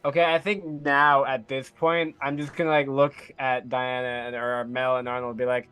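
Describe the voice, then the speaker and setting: A man's voice: medium pitch, level tone, moderate pace, few pauses, bright, forceful tone, smooth, soft background music. A man playing in a tabletop game session, joking loosely, laughing and swearing as he plays. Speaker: player. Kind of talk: casual tabletop game play.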